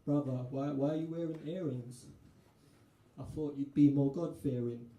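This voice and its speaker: A man's voice: medium pitch, fairly even intonation, moderate pace, dark tone, lightly acted. A man voicing a devout young man who lectures a friend in a moralizing, scolding way. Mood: preachy. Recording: echoey live venue room.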